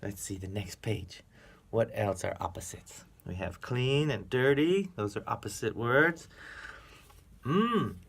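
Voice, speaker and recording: A man reading a children's picture book aloud to a young child as a reading teacher, playful, with animal sounds and soft whispers. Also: lowish voice, animated, slow, gravelly, slightly rough.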